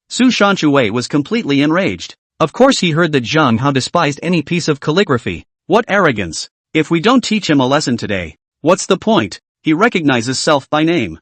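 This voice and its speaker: A man's voice: a little high, sing-song, fairly quick, hardly any pauses, fairly bright tone, no echo. A man narrating a comic recap story, reading every part in the same voice.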